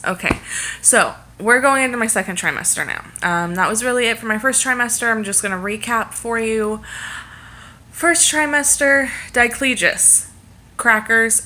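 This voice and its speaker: Young woman vlogger, bright voice, chatty and rambling, pregnant. Casual talk to camera. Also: medium pitch.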